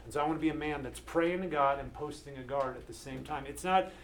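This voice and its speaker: A man in his thirties preaching an earnest, animated sermon to a men's group as pastor. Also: fairly high pitch, quick pace, slight background noise. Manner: earnest, animated, acts out quoted voices.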